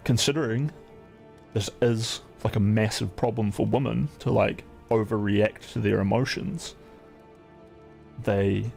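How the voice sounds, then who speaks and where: A man's voice: fairly low pitch, gravelly, a little mellow. A man streaming, chatting casually in a rambling, profane way, full of "like" fillers.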